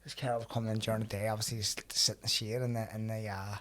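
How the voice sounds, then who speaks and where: A man's voice: fairly low pitch, level tone, rapid-fire, fairly bright tone. A man hosting a podcast, telling blunt, swear-filled anecdotes in casual chat. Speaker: podcast host.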